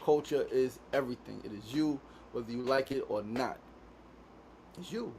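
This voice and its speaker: At a moderate pace and in a mid-range register, this man sounds a little mellow, with a faint hiss or hum on the recording. He hosts a casual daily studio podcast, comes from Queens, New York, talks laid-back, swears liberally, and ends many sentences with "right?"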